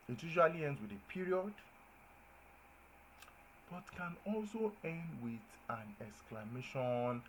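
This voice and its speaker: A man's voice: medium pitch, slight background noise, low-quality recording. Man teaching grammar, often asking "do you understand?". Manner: checks understanding with repeated questions, lively emphasis on examples. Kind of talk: classroom-style grammar lesson.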